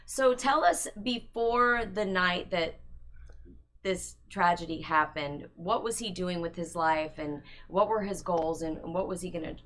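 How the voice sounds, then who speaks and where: Woman radio host, slightly low pitch, chatty and laughing. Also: a little slow, a bit bright. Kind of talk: casual chat and interview.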